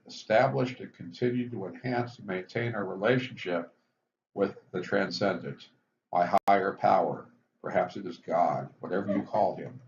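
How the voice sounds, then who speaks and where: A man explaining the twelve recovery steps in a measured, explanatory lecture, stressing each step heading. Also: low voice, a little mellow. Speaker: physician teaching addiction recovery. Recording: dull lo-fi recording with faint hiss.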